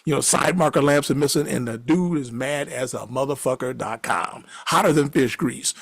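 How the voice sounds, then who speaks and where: A man with a gravelly, husky voice rambling through a story full of cursing. He talks casually and laughs along at his own tale. The sound is dry and close, with no room around it. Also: mid-range voice, expressive, a little fast, hardly any pauses, dry recording.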